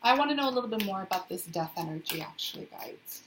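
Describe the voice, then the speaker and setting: A woman's voice: medium pitch, lively intonation, quick pace, heavy background noise. A young woman giving a casual tarot reading to her viewers, chatty and sassy, with playful asides. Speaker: tarot reader. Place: indoors in a hot, humid city flat.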